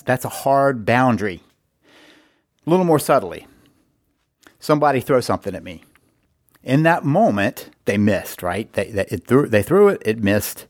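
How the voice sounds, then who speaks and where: A man's voice: medium pitch, no echo, clean studio sound. A middle-aged man hosting an advice podcast, explaining marriage boundaries in an earnest way and repeating words for emphasis. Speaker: podcast host and marriage coach.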